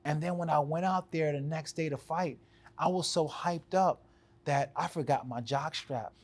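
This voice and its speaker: Male guest fighter, lively storyteller, slightly higher voice, quotes himself with energy. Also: normal speed. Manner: animated, acts out quotes, laughs often. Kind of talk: storytelling in a podcast interview.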